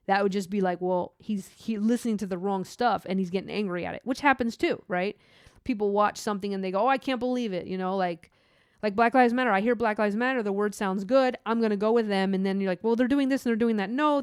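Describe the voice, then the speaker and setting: A woman's voice: medium pitch, no room sound. Earnest rambling woman, dry close sound. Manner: earnest, rambling, with frequent restarts. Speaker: christian vlogger. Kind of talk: unscripted spoken reflection.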